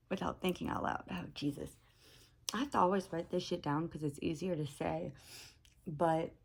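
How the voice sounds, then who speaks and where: A young woman with a low voice talks to her camera in a loose, unscripted monologue. She thinks out loud, backtracks often and fills pauses with "like" as her thoughts wander. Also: gravelly, husky. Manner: thinking aloud, many fillers and self-corrections. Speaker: vlogger.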